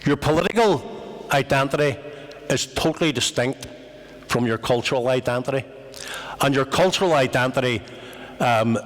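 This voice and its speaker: A man's voice: medium pitch, a bit bright. A man with a Northern Irish accent giving a public talk at a community event, telling stories with wry humour and frequent asides. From West Belfast, Northern Ireland. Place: meeting house. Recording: long hall reverb.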